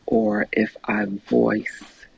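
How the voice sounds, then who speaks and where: A woman co-hosting a casual panel chat in a low, sultry drawl, speaking her mind. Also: sing-song, drawn-out words, creaky, a little mellow, breathy edge. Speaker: podcast co-host. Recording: dull lo-fi mic, dry.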